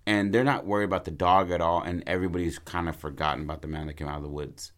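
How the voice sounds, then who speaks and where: Man with a low voice, co-host, loose profane storyteller, chatty and rambling. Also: fairly even intonation, fast, hardly any pauses, a bit bright. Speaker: podcast co-host pitching a film plot. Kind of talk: casual storytelling chat.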